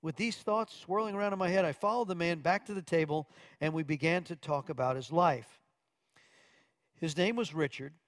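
A man's voice: on the high side, normal speed, no echo. A man preaching from Arkansas, earnestly telling a testimony story with quoted dialogue and occasional stumbles.

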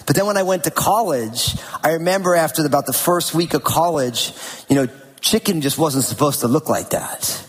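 Pastor, male, middle-aged, from New Jersey; husky voice, chatty storytelling sermon, long hall reverb. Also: fairly high pitch, expressive, normal speed. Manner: casual, conversational, with self-deprecating asides. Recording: long reverb with faint music behind.

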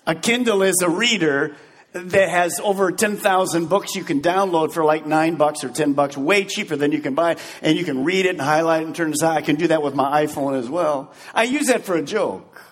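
A male pastor preaching a sermon in an animated, joking manner, acting out scenes as he goes. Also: a little high, fairly quick, long reverb tail.

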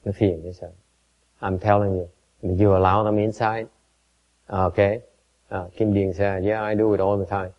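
A man giving a Buddhist dharma talk, telling a story in a halting way with many repeated words and switches between two languages. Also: on the low side, little pitch movement. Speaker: Buddhist teacher. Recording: dull lo-fi recording.

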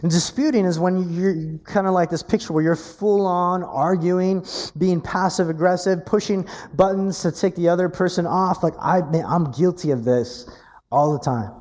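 Male preacher, mellow tone, pitched a bit high, earnest sermon delivery with stammered restarts. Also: normal speed. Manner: animated preaching with stammered restarts and rising emphasis. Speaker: pastor.

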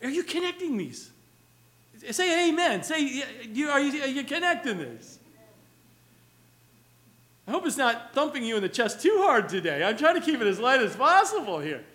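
A man's voice: very high-pitched, big pitch swings, normal speed, bright, forceful tone. A man preaching a sermon as pastor, earnest and building to emphatic exhortation, now and then mimicking children's questions. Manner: acts out children's whiny questions.

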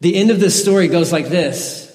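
A man's voice: sits high, moderate pace, darkish tone. A man preaching a sermon, telling his own conversion story in an earnest, personal way with the odd laugh. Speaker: pastor. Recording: echoey hall.

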